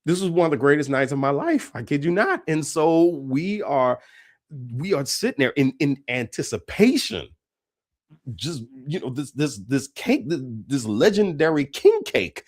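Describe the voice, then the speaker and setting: A man giving a leadership keynote as a story, animated and repeating words for emphasis. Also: mid-range voice, moderate pace. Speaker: keynote speaker.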